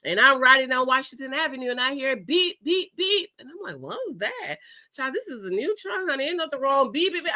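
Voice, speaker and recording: A married woman hosting a reaction video, talking emphatically in casual commentary and storytelling, laughing often. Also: high voice. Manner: emphatic, animated, laughs often, says "okay?" a lot. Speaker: host of a reaction channel.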